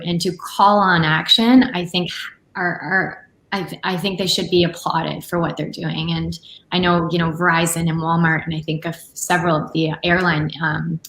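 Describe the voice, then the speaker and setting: A woman from Canada, a talk show guest, speaking in a heartfelt, hesitant way. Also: a bit bright. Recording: echoey room, faint rumble.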